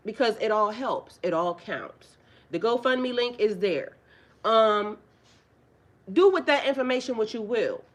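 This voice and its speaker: A woman with a higher, fairly bright voice addresses her livestream viewers casually as a spiritual life coach. Blunt and profane, she preaches at them with rapid rhetorical questions and phrases repeated for emphasis.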